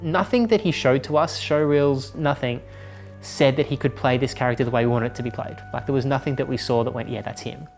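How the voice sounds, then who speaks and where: A man, the film's director, recalls casting in a thoughtful, candid way. His voice sits at an ordinary mid pitch. Faint music plays underneath. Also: brisk. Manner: reflective, candid recollection. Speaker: film director. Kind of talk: documentary interview.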